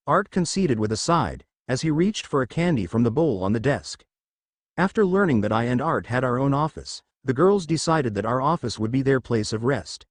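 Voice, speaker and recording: A man reading a fan fiction story aloud, his pitch rising and falling expressively. The recording is dry and close, with no room sound. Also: no room sound. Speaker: narrator.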